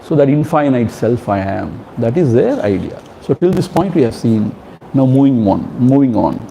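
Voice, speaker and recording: A man, a spiritual teacher, chanting Sanskrit verses slowly and explaining them in a gentle, fatherly way. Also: medium pitch, big pitch swings, gravelly, noisy background. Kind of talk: scripture commentary talk.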